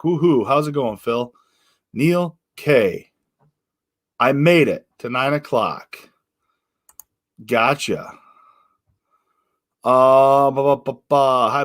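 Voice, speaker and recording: A man's voice: medium pitch, no room sound, studio quality. A man hosting a casual livestream, greeting viewers by name and rambling with lots of ums and uhs. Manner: relaxed, rambling, many fillers and restarts. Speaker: livestream host. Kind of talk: casual live chat reading comments.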